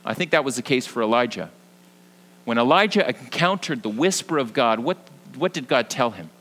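A young man preaching a sermon as pastor, earnest, moving between lively emphasis and hushed, soft passages. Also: mid-range voice, normal speed, low-quality recording.

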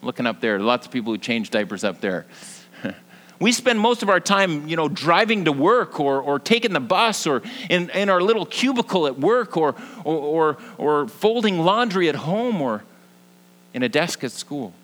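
A young man preaching a sermon as pastor, earnest, moving between lively emphasis and hushed, soft passages. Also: a little high, normal speed, rough recording.

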